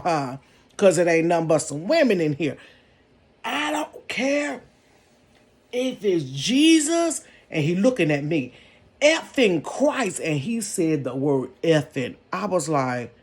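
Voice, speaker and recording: A woman telling a story from her bedroom in a sassy, animated way, calling her viewers "baby" and "honey". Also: lowish voice, unhurried. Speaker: storytelling vlogger. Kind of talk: casual storytime.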